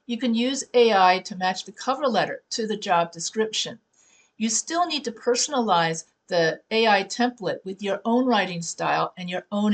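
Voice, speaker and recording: A woman who teaches writing, talking her students through tips in a conversational way and correcting herself as she goes. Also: mid-range voice. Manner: conversational, restarts and self-corrections. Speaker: writing professor. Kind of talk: classroom teaching talk.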